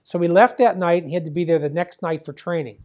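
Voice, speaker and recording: A man's voice: a little high, fast, darkish tone. An older man from the Pittsburgh area, a former wrestling promoter, telling a rambling story full of fillers and acted-out dialogue. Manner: chatty, many fillers, acts out quoted dialogue.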